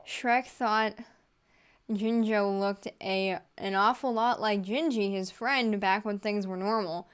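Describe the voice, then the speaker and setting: A woman's voice: medium pitch, takes it slowly, smooth. Giggly woman reading fan fiction aloud. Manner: giggly, with deadpan asides. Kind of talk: comedic read-aloud storytelling.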